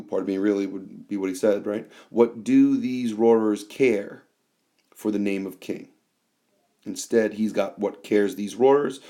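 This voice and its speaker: A man teaching a class in a screencast, explaining slowly with fillers and reading quoted lines aloud. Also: on the low side, mellow. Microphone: tablet microphone.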